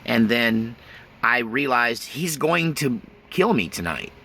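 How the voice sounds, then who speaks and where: A man's voice: mid-range voice, big pitch swings, slow, gravelly, bright, forceful tone, a little hiss or hum. A man telling his life story in a casual, blunt and folksy way, often laughing nervously. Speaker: autobiographical storyteller. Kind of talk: casual spoken memoir.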